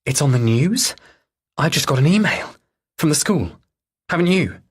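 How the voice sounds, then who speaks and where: Male narrator doing a high, strained, anxious young wife for an audiobook; breathy. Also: very animated, moderate pace. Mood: alarmed. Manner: pleading, strained. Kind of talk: audiobook dialogue.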